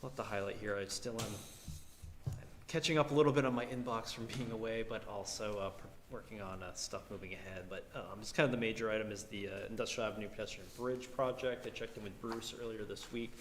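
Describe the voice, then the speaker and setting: A man giving a casual, halting report to a town board at a public meeting. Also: lowish voice, fairly even intonation. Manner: casual, hesitant with many fillers. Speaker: town manager. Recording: echoey hall with background noise.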